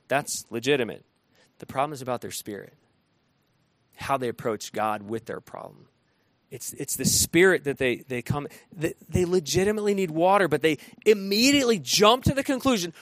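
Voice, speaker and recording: Male pastor, slightly high voice, plain conversational preaching, dry close-miked sound. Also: expressive, moderate pace, no room sound. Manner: conversational preaching with frequent restarts and dramatized quotes. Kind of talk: sermon.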